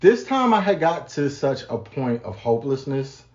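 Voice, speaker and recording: Calm man in an echoey room. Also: medium pitch, moderate pace, dull audio. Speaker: podcast co-host. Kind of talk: casual testimony chat.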